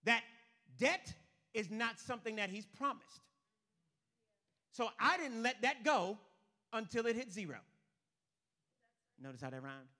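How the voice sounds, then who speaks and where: A man preaching an animated sermon as pastor, swinging between loud outbursts and hushed lines. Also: very high voice, measured pace, long pauses.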